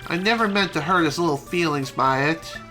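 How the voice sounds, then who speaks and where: A woman voicing a tender, proper mother bomb creature in a video game, speaking in a genteel, gently tearful way. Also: low voice, fairly quick, soft background music.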